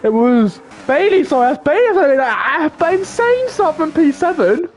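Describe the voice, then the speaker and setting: High-voiced man calling a race. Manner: quick, excitable play-by-play with self-corrections. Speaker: race commentator. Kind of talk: excited sim racing commentary.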